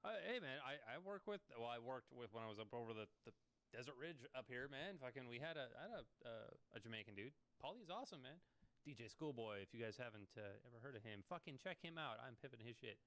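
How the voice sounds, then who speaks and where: A man's voice: mid-range voice, expressive, fast talker, fairly bright tone. A man co-hosting a casual podcast, teasing and joking crudely. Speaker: podcast co-host.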